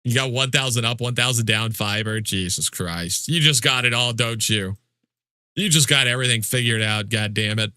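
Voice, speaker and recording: A man's voice: mid-range voice, normal speed, pushed and bright, smooth, no room sound, clean studio sound. A man streaming a game live, chatting casually with viewers in mock-indignant, joking complaints and swearing freely. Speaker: livestreamer. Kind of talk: casual livestream chat with viewers.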